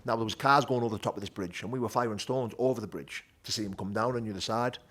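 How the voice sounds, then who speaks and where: A man with a Teesside accent telling his rough childhood story as an interview guest, blunt and animated, swearing freely. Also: on the low side, rapid-fire. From North East England. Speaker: guest, bare knuckle fighter. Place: gym.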